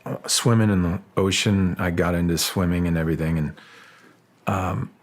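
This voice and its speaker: A man speaking as a guest in an interview, halting and restarting, then animated when telling stories. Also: low voice. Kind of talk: casual interview talk.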